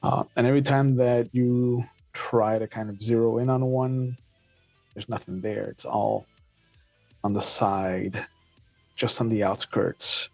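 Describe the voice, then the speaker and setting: A man narrating as game master of a tabletop game, slow and halting with frequent filler sounds. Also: mid-range voice, steady tone, creaky, a little mellow, no echo, soft background music.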